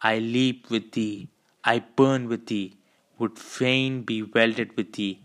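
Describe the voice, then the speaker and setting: A man voicing an old, proud and defiant sea captain who declaims in grand archaic speech, slow and raised. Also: medium pitch, fairly even intonation, a bit bright. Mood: exalted.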